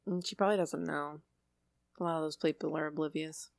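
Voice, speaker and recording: A woman's voice: sits low, fairly even intonation, fairly quick, creaky, no echo, clean studio sound. A young woman co-hosting a casual podcast, joking, swearing and teasing as she chats. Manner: swearing, laughing, teasing banter. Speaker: podcast co-host. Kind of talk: casual chat.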